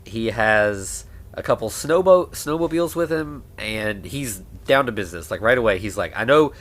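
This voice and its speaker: A man co-hosting a podcast, casually recapping a film and acting out the characters' lines in a lively way. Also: fairly low pitch, normal speed. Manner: animated, acts out characters' lines while retelling. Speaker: podcast co-host. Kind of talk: casual movie recap chat.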